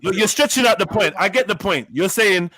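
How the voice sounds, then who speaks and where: A man's voice: sits high, animated, brisk, a crowd in the background. A Nigerian-born man hosting a live panel, arguing heatedly, interrupting and repeating his demands.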